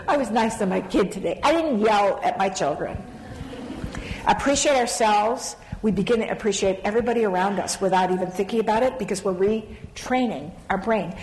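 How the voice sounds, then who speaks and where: A woman's voice: mid-range voice, darkish tone, a little hiss or hum. A middle-aged woman speaking on a stage panel about leadership, telling stories animatedly and laughing often. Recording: long reverb of a large hall.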